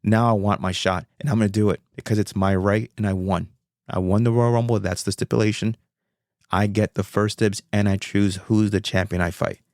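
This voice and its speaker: A man hosting a casual solo podcast, talking in an excitable, rambling way and swearing freely. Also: fairly low pitch, a little fast, no echo, clean studio sound. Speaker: podcast host.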